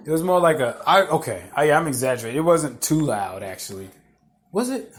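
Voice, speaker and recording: A man's voice: fairly high pitch, big pitch swings, a little fast. A man hosting a podcast, rambling through casual stories, swearing freely and laughing at himself. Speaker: podcast host. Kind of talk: casual storytelling monologue.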